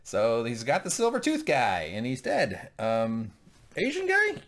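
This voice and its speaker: A man's voice: mid-range voice, wildly swooping pitch, unhurried, fairly bright tone, slight background noise. A man co-hosting a casual TV recap, joking, irreverent and swearing often. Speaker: podcast co-host.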